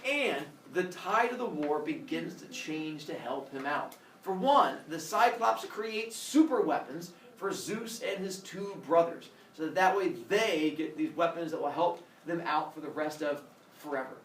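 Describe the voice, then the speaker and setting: A man tells an old myth as a playful, comic story, his pitch swinging widely and a gravelly edge in his voice. He is a little far from the mic in an echoey room, with faint noise behind. The delivery is loose and chatty, full of fillers. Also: lively intonation, a little slow, hardly any pauses, fairly bright tone. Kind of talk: casual comic retelling of a myth.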